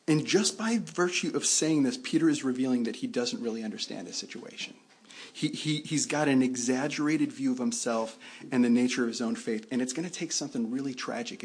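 Male pastor, slightly breathy voice, loose conversational sermon delivery. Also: medium pitch. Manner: conversational preaching with frequent restarts.

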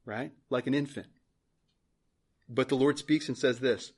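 Earnest husky-voiced male pastor. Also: mid-range voice, fairly even intonation, measured pace, pauses often, a little mellow. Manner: earnest, repeats phrases for emphasis. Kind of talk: sermon. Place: church.

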